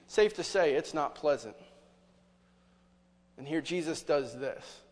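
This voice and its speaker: Preacher with a slightly high voice in a reverberant hall. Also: male voice, animated, takes it slowly. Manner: conversational preaching with rhetorical questions. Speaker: pastor. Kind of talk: sermon.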